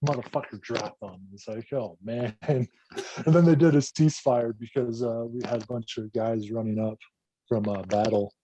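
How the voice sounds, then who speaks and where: A man, an army veteran guest on a podcast, telling war stories in a casual, profane, animated way. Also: mid-range voice, normal speed, no room sound, lo-fi sound. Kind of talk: casual storytelling.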